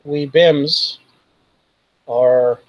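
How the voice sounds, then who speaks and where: A man's voice: medium pitch, steady tone, very slow, muffled recording. A man voicing a stiff, formal protocol droid translator with stilted diplomatic phrasing.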